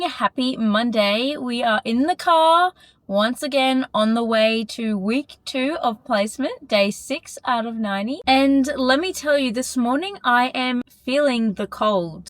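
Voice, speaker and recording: A woman's voice: a little high, a little slow. A young woman in her twenties chatting casually for her vlog, gushing and filling her talk with "like". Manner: chatty, gushing, lots of "like" and gasps. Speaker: vlogger. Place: in a car. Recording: echoey room with clear background noise.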